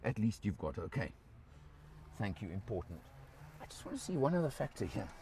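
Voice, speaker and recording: A man's voice: lowish voice, big pitch swings, brisk, very noisy. A South African man giving an enthusiastic, casual walkaround car review outdoors beside a car, pointing out features as he goes.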